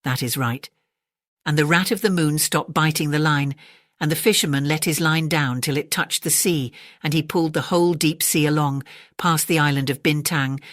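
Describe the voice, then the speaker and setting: A storyteller reading a classic bedtime story aloud in a calm, measured way. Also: medium pitch, dry recording, studio quality.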